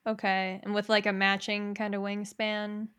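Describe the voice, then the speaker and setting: A woman's voice: mid-range voice, monotone, moderate pace, a bit bright, clear, resonant tone. A young woman co-hosting a casual chat, reacting with laughs and swearing and asking eager questions. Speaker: podcast co-host.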